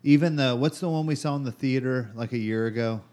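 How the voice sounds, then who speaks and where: A man's voice: mid-range voice, brisk, a little mellow. Middle-aged male podcast co-host, casual and rambling. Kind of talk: casual chat.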